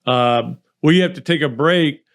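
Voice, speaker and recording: A man's voice: a little high, unhurried. A man hosting a sports podcast, chatting casually with a guest and rambling through a funny story. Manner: chatty, rambling, self-deprecating. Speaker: podcast host.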